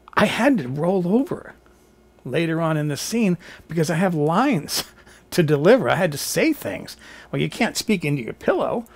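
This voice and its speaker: Gravelly-voiced man telling stories to camera. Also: medium pitch. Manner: animated anecdote-telling, theatrical. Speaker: vlogger. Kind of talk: casual storytelling to camera. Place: home kitchen. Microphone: camera on a tripod.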